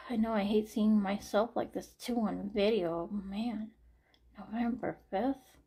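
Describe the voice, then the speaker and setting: A woman's voice: medium pitch, steady tone, slow, creaky, mellow, slightly rough. A woman in her forties talking anxiously to camera in a personal late-night vlog, sighing often and trailing off. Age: 40s. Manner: anxious, frequent sighs, trailing off. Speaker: vlogger.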